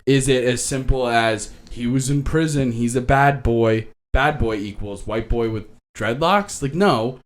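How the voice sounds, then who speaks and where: A young man co-hosting a podcast, reviewing a movie in casual chat and acting out lines with sudden high jumps. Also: unhurried, few pauses. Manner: animated, acts out quotes with big pitch jumps. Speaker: podcast co-host.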